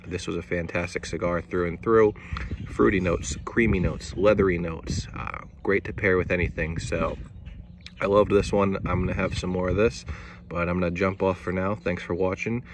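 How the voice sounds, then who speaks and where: Male reviewer, deep monotone, casual and unhurried, drops the odd curse. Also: slight background noise. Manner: laid-back, repeats words, swears casually. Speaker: cigar reviewer.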